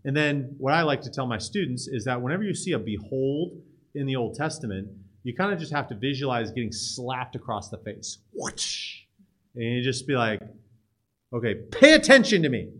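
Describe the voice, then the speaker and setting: A man teaching a psalm in casual classroom style, lively and emphatic, with frequent restarts and asides. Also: medium pitch, brisk. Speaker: Bible teacher.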